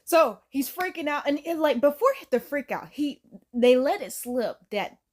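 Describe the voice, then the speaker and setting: Young woman reviewer, bright voice, lively swings in pitch, slangy and incredulous. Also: normal speed. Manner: animated, incredulous storytelling with slang. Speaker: movie reviewer. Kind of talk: casual film recap.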